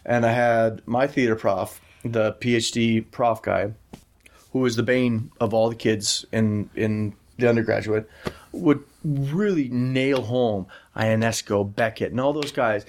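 A young man hosting a casual film chat, rambling and excitable, with frequent profanity. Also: medium pitch, a little slow.

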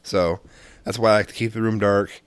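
Casual male co-host, lowish voice, rambling profane anecdotes, dry close mic. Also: fairly even intonation, a little fast, smooth, no room sound. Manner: rambling, profane storytelling with frequent laughs. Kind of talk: casual chat.

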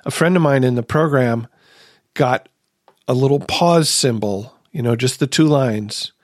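A man's voice: medium pitch, a little slow, no echo. A man with a mid-range voice hosts a recovery podcast in casual conversation. He tells personal stories earnestly and asks himself rhetorical questions. The close, dry mic leaves no sense of a room. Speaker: podcast host.

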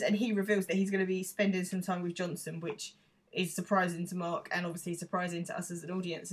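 Casual podcast co-host, lower-pitched woman, chatty recap delivery. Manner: chatty, relaxed, with filler ums. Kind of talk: casual chat recapping a TV episode.

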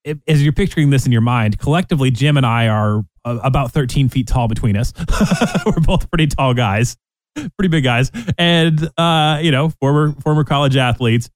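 A man's voice: mid-range voice, normal speed, dry recording. A man co-hosting a talk show in an easygoing, teasing way. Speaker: co-host. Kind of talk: casual radio talk show chat.

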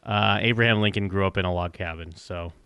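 A man's voice: low-pitched, brisk, smooth, dry recording, lo-fi sound. A man co-hosting a casual podcast recap, rambling with frequent restarts and casual swearing. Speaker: podcast co-host.

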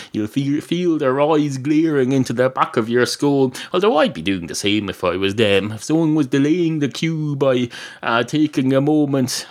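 A man hosting a podcast in a rambling comic monologue, dry and digressive. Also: mid-range voice. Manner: digressive, dry, many fillers and restarts. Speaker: podcast host.

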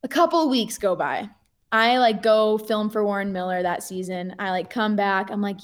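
A young woman, a pro skier, telling a story in a casual, animated way with lots of fillers and laughter. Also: mid-range voice, normal speed.

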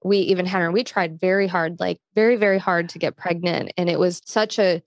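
A woman's voice: on the low side, steady tone, fairly quick, no room sound. A woman hosting a conversational podcast interview, responding with enthusiastic, affirming remarks. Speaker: podcast host.

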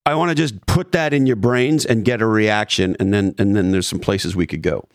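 A man's voice: lowish voice, normal speed, no echo. Emphatic man explaining a thesis, dry sound. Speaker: host. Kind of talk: conversational business talk.

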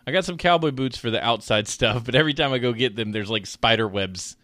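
Podcast co-host, young man, rambling jokey storyteller, mid pitch, dead-dry close mic. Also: fairly quick, sharp tone, no echo. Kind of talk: casual chat.

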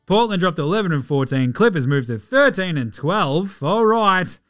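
A man with an Australian accent hosting a casual basketball recap podcast, sweary and excitable, mocking players in silly voices. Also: high-pitched, normal speed. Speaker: podcast host.

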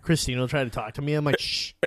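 A man's voice: mid-range voice, fairly even intonation, racing, no room sound, clean studio sound. A man co-hosting a casual podcast, rambling and laughing as he tells stories and acts out little voices. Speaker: podcast co-host.

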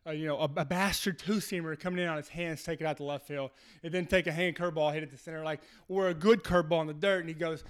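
High, fast-talking Texan-born man. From Texas. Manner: animated, swearing storyteller. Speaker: guest, professional baseball pitcher. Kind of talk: casual interview storytelling.

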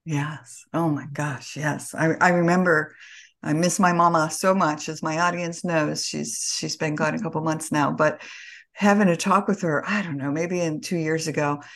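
A woman hosts a casual podcast interview, speaking in a lowish voice. She is effusive, exclaims often, and breaks into laughter while telling personal stories. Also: steady tone, normal speed. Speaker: podcast host.

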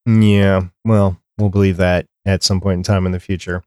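A man hosting a podcast in casual chat, reading out listener tweets and polls with animated reactions. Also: deep voice, normal speed, clear, resonant tone, dry recording, clean studio sound. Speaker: podcast host.

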